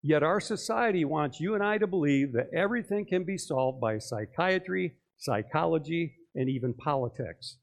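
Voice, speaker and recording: Man, pastor, sermon, conversational, asks many questions, fairly high voice. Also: lively intonation, moderate pace, creaky, hardly any pauses. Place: church.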